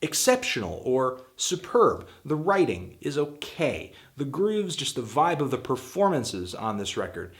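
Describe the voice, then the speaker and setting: A man's voice: mid-range voice, big pitch swings, a little slow, hardly any pauses. A man hosting his own show, giving a casual spoken album review, blunt and full of hedging fillers, getting emphatic and exasperated at times. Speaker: music critic and show host.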